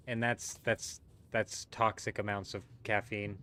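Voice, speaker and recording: A man's voice: on the low side, level tone, unhurried, bright, forceful tone. A man casually chatting with his viewers and answering their messages while he plays a game on a live stream.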